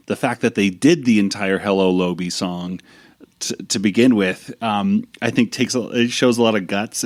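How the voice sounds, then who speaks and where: A man's voice: fairly low pitch, no echo. A man hosting a podcast in casual chat, rambling with restarts and talking fondly about old cartoons. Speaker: podcast host.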